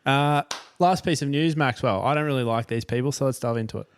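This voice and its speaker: A man's voice: medium pitch, brisk, slight background noise. A man co-hosting a music podcast, giving dry, teasing remarks and short replies in casual chat. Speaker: podcast co-host.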